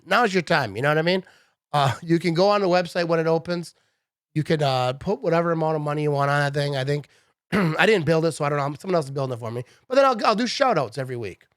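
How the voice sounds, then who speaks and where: A man in his thirties rants about sports in a loose, chatty way, calling people bro and dude. His voice sits a little high for a man. The sound is dry and close, with no room around it. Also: no echo. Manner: animated, chatty, says "bro" and "dude" a lot. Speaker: sports vlogger. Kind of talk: casual sports rant.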